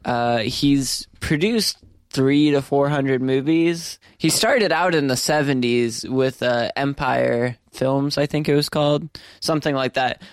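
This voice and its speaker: Slow, dry-humored man podcasting. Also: medium pitch, clear, resonant tone, dry recording. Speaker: podcast co-host. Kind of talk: casual comedic podcast chat.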